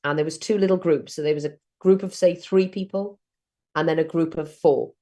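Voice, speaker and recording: A woman's voice: low-pitched, steady tone, a little fast, mellow. A middle-aged woman from South Wales, telling networking stories in a chatty way during an online training session. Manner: chatty storytelling.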